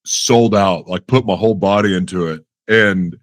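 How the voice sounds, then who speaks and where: A man with a lowish voice hosts a podcast, chatting loosely and breaking into laughter between thoughts. His sound is close and dry, with no room around it. He acts out little scenes from his own life with a wry, self-mocking edge. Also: moderate pace, dry recording. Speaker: podcast host. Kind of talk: casual conversational interview.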